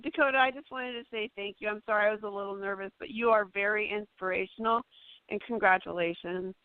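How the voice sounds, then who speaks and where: A woman calling in to a talk show, chatty and excited, giggling often as she speaks. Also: mid-range voice, quick pace, clear, resonant tone, no room sound. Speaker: caller. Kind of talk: casual phone call-in. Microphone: phone. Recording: tinny dry phone line.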